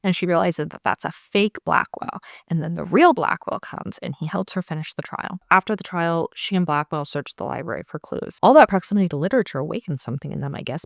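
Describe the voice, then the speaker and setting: A woman's voice: fairly low pitch, creaky, no echo, clean studio sound. A woman host giving a sarcastic, chatty book recap, full of filler words. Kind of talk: casual book recap chat.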